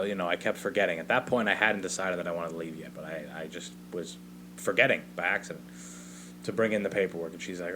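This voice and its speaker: A man's voice: deep voice, fast talker, noisy background. A young adult man hosting a solo podcast, telling a rambling, profane comedic story in casual speech. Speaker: podcast host. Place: home basement.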